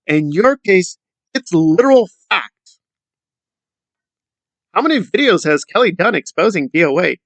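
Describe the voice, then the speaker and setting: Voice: medium pitch, expressive, a little slow, pauses often, fairly bright tone, no room sound. A commentary YouTuber ranting in a sarcastic, scornful tone.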